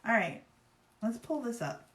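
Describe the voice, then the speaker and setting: A woman's voice: fairly high pitch, sing-song, a little slow, a bit bright. A woman from Virginia hosting a live craft demo, chatting in a rambling, upbeat way while she works. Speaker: craft livestream host. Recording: roomy echo.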